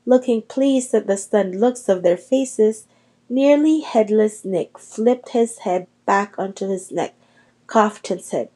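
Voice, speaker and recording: A woman narrating a children's novel chapter aloud in a steady storytelling manner. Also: medium pitch, slow. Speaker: reader. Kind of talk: audiobook narration.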